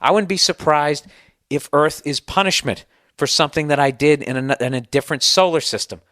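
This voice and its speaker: A sarcastic, foul-mouthed man from the United States, hosting a podcast and ranting with exasperation. His voice sits a bit high for a man. It is recorded close and dry, with no room sound. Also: a little fast, a bit bright, no echo. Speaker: podcast host. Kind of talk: comedic podcast rant.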